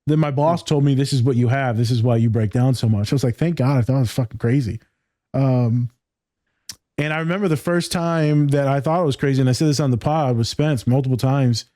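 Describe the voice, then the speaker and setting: A man's voice: medium pitch, a little fast, warm tone, dry recording, studio quality. A man hosting a podcast, talking casually and with emphasis, full of slang like "my guy" and free with swearing. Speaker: podcast host.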